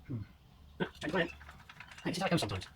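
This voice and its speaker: In his home garage workshop, a motorcycle restoration vlogger works on a bike, muttering to himself and swearing as he talks viewers through the job in casual commentary. His voice is on the high side with big pitch swings, and he races along over a noisy background.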